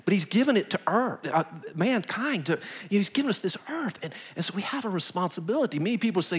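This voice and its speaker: A male pastor, preaching a sermon full of lively stories and acted-out quotes. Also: high-pitched, fast, hardly any pauses. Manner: animated, emphatic, acts out quotes in a whisper or shout. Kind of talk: storytelling sermon.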